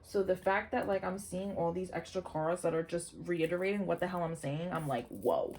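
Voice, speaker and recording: In a fairly low, brisk voice, a woman reads tarot cards for her audience, excitable and casual, swearing liberally. She keeps breaking into exclamations as she encourages her viewers.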